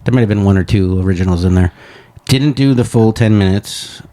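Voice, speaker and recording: A man's voice: on the low side, fairly quick, mellow. A man co-hosting a comedy podcast, chatting loosely, laughing a lot and slipping into goofy voices at a desk mic. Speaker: podcast co-host. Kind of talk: casual chat. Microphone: studio desk microphone.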